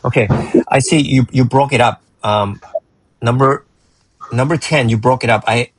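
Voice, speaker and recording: Husky-voiced man tutoring math. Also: mid-range voice, normal speed, dry recording, low-quality recording. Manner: encouraging, rambling with frequent restarts. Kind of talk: reviewing a student's work.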